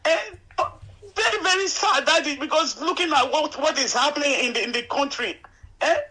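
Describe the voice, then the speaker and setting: A woman phoning in to a show talks earnestly and emotionally, and she circles back over her points. Her voice sits high and sounds bright and forward. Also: a little fast, rough recording. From Nigeria. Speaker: caller. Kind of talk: call-in chat.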